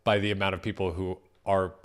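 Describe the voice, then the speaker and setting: A man's voice: deep voice, little pitch movement, a little fast, smooth. A man guesting on a podcast, making wry remarks and swearing now and then in casual chat.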